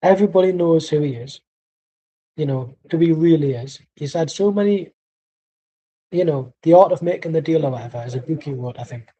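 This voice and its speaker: A man's voice: on the high side, a little fast, mellow, husky, muffled recording. A man streaming a football watchalong who rants angrily and sarcastically while reacting live to the match. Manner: angry, sweary, sarcastic. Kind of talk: live match commentary and rant.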